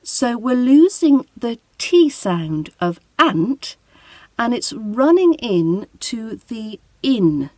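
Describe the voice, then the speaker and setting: A woman with a British RP accent teaching English pronunciation, modeling phrases clearly for the listener to repeat. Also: fairly high pitch, very animated, slow, mellow, no room sound. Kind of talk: pronunciation lesson.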